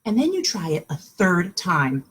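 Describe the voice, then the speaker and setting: A woman teaching a kindergarten class online from home, speaking slowly and clearly in a sing-song, encouraging way for small children. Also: fairly low pitch, big pitch swings, fairly bright tone, slight background noise.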